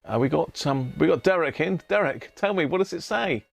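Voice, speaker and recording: A man's voice: a little high, expressive, fairly quick, creaky, dry recording. A man hosting a casual livestream, chatting with viewers by name and stumbling over unfamiliar words. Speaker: livestream host. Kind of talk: casual live chat.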